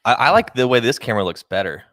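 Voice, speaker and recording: A man co-hosting a podcast, speaking in relaxed casual chat with dry remarks. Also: mid-range voice, fast talker, no room sound. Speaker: podcast co-host.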